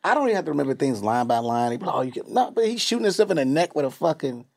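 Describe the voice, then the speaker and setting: A man's voice: fairly high pitch, very fast, vocal fry. A man hosting a casual podcast, telling stories in slangy, profane talk and acting out bits of scenes. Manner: animated, slangy, profane storytelling. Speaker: podcast host.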